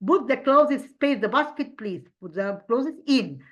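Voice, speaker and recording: Halting woman teaching a children's English lesson. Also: a little high, lively intonation, a bit bright, dull audio. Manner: halting, many fillers and restarts, explaining step by step. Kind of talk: primary school English lesson.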